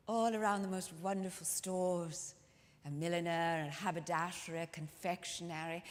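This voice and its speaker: A woman's voice: lowish voice, steady tone, moderate pace. A woman storyteller telling a life story in the first person, in character, with a dramatic, intimate manner that speaks straight to the audience, performed live in a church hall. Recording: long hall reverb from a live room.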